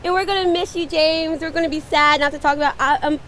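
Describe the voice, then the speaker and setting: Woman, high pitch, casual farewell over a noisy background. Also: fairly even intonation, quick pace. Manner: giggly, casual, loses her place. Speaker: coworker. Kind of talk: recorded farewell message.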